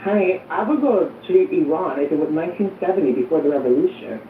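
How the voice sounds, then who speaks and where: A participant in a casual group voice chat, sassy and teasing, with campy, quick jokes. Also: medium pitch, lively intonation, slight background noise. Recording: tinny, echoey phone audio from far off.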